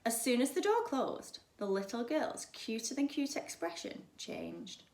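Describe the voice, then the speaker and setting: Expressive woman reading to kids, echoey. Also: on the high side, unhurried. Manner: lively, expressive storytelling with asides. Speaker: primary school teacher. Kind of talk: children's story reading.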